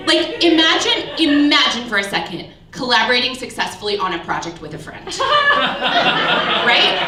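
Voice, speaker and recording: Woman in her 30s, stand-up comic, high bright voice with big swoops, roomy club sound from a distance. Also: noisy background. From Southern US. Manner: chatty, self-deprecating, laughs at her own lines. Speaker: stand-up comedian. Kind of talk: stand-up set. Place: small comedy club before a live audience. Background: audience laughter.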